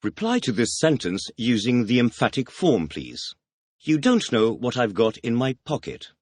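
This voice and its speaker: A man reading the teacher's questions in a scripted audio language lesson, announcing words and asking quick questions. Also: medium pitch, sing-song, a little mellow, no room sound. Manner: announces words, then fires quick questions with a clipped "please".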